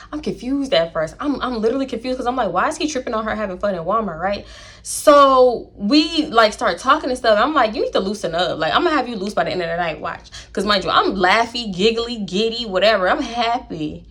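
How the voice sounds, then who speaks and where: A woman's voice: medium pitch, expressive, a little fast, bright, forceful tone. A woman telling a casual storytime, slangy and profane, acting out the quoted lines of the people in her story. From Houston, Texas. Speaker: storytime YouTuber.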